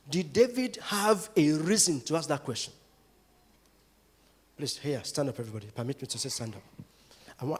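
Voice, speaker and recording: A Nigerian man preaches to his congregation, his voice high and full of leaps. He jumps from near shouts to quiet murmurs. The sound carries a long reverb from a large church hall. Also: breathy edge. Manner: preaching with sudden loud rises and hushed drops. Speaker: pastor. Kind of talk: sermon.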